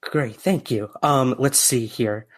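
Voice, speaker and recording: Reading listener questions aloud in a podcast interview, a male host sounds friendly but hesitant, with many fillers and restarts. He speaks slowly at a medium pitch.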